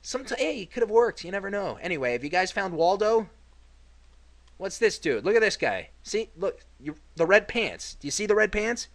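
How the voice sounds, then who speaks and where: A man's voice: high-pitched, big pitch swings, normal speed, soft background music. A man commentating his gameplay casually, sarcastic and grumbling, swearing freely.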